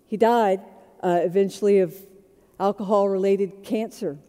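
A woman pastor preaching a sermon in a conversational storytelling way, moving between quiet and loud moments. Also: mid-range voice, moderate pace, in a large hall.

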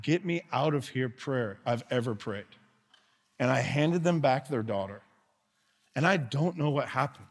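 A man preaching a sermon as pastor, earnest, dropping to soft tones and rising to loud calls. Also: mid-range voice. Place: church sanctuary. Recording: long reverb of a large hall.

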